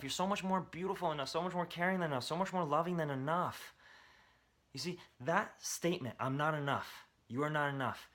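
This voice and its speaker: Bright-voiced motivational male coach. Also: medium pitch. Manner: emphatic, coaching, repeats key phrases. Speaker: self-help coach. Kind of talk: motivational talk to camera.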